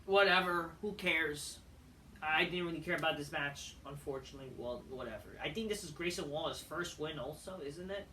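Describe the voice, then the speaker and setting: A woman with a bright, pushy voice rants her way through a review, swearing freely and waving things off as she goes. She sits well back from the mic in a roomy, echoing space. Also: sits low, moderate pace, slight background noise. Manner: profane, dismissive, rambling. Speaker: wrestling show reviewer. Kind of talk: casual review rant. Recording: echoey room, voice far from mic.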